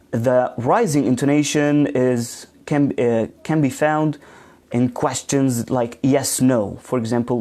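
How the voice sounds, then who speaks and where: A man leads a live online lesson on pronunciation, reading viewer comments aloud as he goes. He talks slowly, pausing often with ums and false starts. His voice is mellow and dark. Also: medium pitch. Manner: slow, with frequent ums and restarts, reads out viewer comments. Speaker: English teacher trainer. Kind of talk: live online teaching session.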